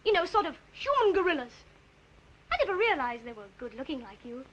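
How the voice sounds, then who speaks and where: A woman's voice: high voice, sing-song, a little fast, fairly bright tone, lo-fi sound. A spirited, coaxing young woman.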